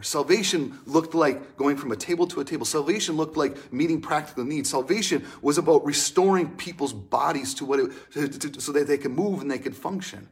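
Young male pastor, mid-pitched voice, earnest and emotional delivery that swings from hushed to raised. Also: brisk. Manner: earnest, emotional, shifts between soft hushed lines and raised bursts. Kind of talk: sermon.

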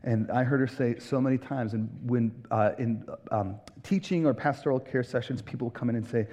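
A man's voice: medium pitch, moderate pace, few pauses, mellow. A man hosting a podcast, delivering an earnest, emphatic preaching-style monologue and acting out quoted voices. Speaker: podcast host, pastor.

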